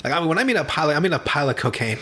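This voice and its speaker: Talking rapid-fire in a slightly high voice, a man hosting a podcast over a remote call recaps a movie. He tells it with animation, swears casually and keeps breaking into laughter.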